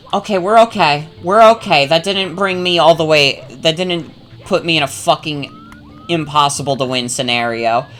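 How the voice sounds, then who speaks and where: A woman's voice: low-pitched, unhurried, long pauses, a bit bright, faint music behind. A woman streaming a game, chatting and joking casually with her chat and swearing freely. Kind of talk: casual gameplay commentary.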